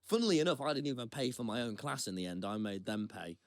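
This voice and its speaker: A young man spinning a long, self-deprecating anecdote on a chat podcast. His pitch leaps up and drops down as he goes, and he often stops and restarts mid-sentence. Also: lively intonation, fast talker, slight background noise. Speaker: podcast co-host. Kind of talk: casual anecdotal storytelling. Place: Brighton.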